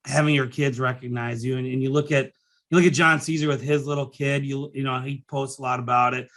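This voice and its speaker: A man's voice: mid-range voice, sharp tone. A middle-aged man hosting his own podcast, talking in a rambling, emotional way, with many restarts and fillers and some casual swearing. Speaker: podcast host and business coach. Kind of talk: casual solo podcast monologue.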